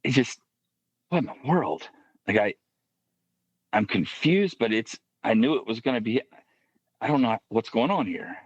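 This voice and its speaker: A man on a podcast telling a personal faith story in a halting, reflective way, often restarting his sentences. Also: mid-range voice, animated, slightly rough, no echo, lo-fi sound. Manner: halting, reflective, with many restarts and soft asides. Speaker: podcast guest.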